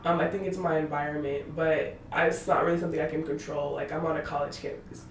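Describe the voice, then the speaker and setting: A woman's voice: sits low, level tone, quick pace, recorded from a distance, slight background noise. A woman in her twenties hosting a faith podcast, rambling and laughing through tangents, close to tears. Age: 20s. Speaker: podcast host. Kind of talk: casual faith podcast monologue. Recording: roomy echo, voice slightly off-mic.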